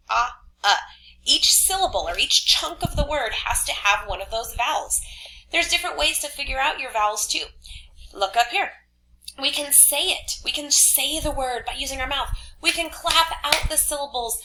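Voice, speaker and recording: A woman teaching third graders in a recorded online lesson, upbeat, speaking slowly and clearly to children, with some whispered asides. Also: high-pitched, pushed and bright, low-quality recording. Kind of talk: online class lesson video.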